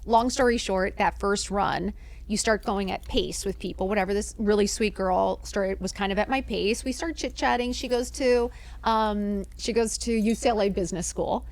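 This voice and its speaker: A woman chatting as a podcast guest, spinning a lively story at a middling pitch. She acts out the lines of the people in her story with plenty of swearing, in an easy, casual way. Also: moderate pace. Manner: animated, acts out quoted dialogue, swears freely.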